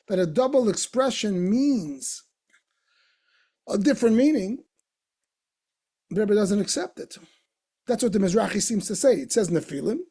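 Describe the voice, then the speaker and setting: A man's voice: very high voice, gravelly, darkish tone, breathy edge. A man teaching a Torah lesson as a rabbi, explaining a passage with questions and repeated points for emphasis. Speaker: rabbi teaching a text class.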